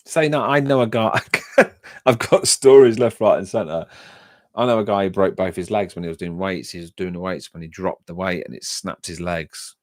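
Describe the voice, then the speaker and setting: A deep-voiced man chats casually with his live-stream audience. He rambles through personal anecdotes and often trips over and restarts his sentences. The sound is close and dry, with no room echo. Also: normal speed. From England. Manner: chatty, rambling anecdotes with frequent self-restarts. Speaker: livestream host reading chat.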